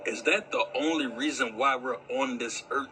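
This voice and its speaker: A man's voice: medium pitch, moderate pace, noisy background. A disillusioned man asking rhetorical questions about the point of working life. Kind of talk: rhetorical monologue.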